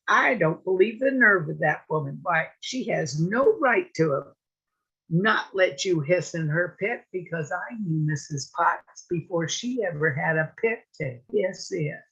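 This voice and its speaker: A woman's voice: on the low side, animated, a bit bright, breathy edge, lo-fi sound, full character voice. A woman voicing a proud, bossy senior male snake who lectures the young snakes. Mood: indignant. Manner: preachy, indignant, quick when riled.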